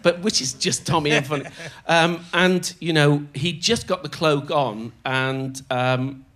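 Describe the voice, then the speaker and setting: An older man telling show-business anecdotes as a guest on stage, animated and often laughing as he slips into other people's voices. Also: on the high side, a little slow. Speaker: comedian guest. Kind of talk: storytelling anecdotes in conversation. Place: on stage in a theatre before a live audience.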